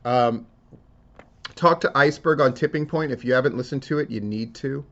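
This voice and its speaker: A man's voice: mid-range voice, normal speed, a bit bright, muffled recording. A man giving casual solo commentary on wrestling news, talking in a profane, rambling and emotional way. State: tearing up.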